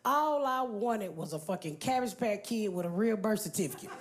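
A woman's voice: medium pitch, animated, moderate pace, heavy background noise. A woman stand-up comedian telling a story on stage in a brash, profane way, talking straight to the crowd. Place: comedy stage before an audience.

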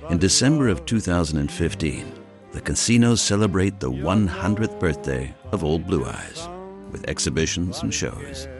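Documentary voice-over, man, very deep and gravelly, grave and measured. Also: lively intonation, over music. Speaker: documentary narrator. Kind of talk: scripted narration.

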